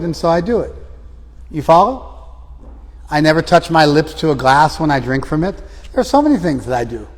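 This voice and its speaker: A man's voice: fairly high pitch, big-room sound. A man leading a scripture class, probing his students with repeated questions. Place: class room, some students joining by phone.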